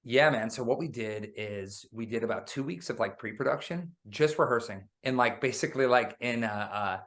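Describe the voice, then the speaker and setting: Male guest musician, easygoing and animated, casual interview storyteller. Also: medium pitch, normal speed. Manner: animated storyteller, says "man" often.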